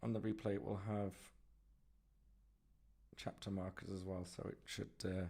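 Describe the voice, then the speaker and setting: Male livestream art host, gravelly voice, rambling and self-mocking, casual painting chatter. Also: sits low, little pitch movement, moderate pace, dark tone. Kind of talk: casual live commentary while painting.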